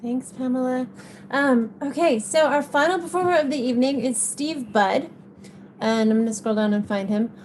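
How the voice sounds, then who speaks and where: Give me a casual woman host with a high voice on a video call, faint noise behind. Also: normal speed, a little mellow. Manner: casual, hesitant with fillers. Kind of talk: casual hosting.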